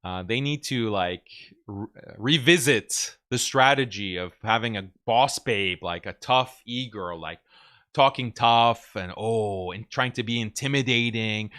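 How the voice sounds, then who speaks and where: A man's voice: fairly low pitch, a little slow, bright, forceful tone. A man hosting a commentary show, talking casually in a sarcastic, mocking way and chuckling often. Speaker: host.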